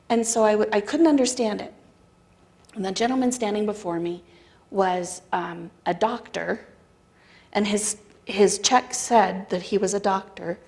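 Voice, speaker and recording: American woman telling a story at a sermon. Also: mid-range voice. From United States. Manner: conversational, animated retelling with quoted dialogue. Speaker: spiritual practitioner speaker.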